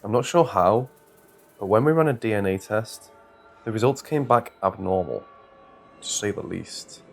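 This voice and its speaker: A man's voice: on the low side, expressive, normal speed, vocal fry. A man voicing a frightened male doctor who stumbles and stutters over his words in a horror story reading. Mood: scared, strained. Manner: stuttering, strained. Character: shaken male doctor, stammering and scared.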